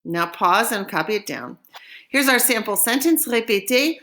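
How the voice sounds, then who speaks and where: A woman French teacher, recording a lesson and modeling phrases slowly for students to repeat. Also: a little high, lively intonation, pushed and bright. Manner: slow modeling of phrases for repetition.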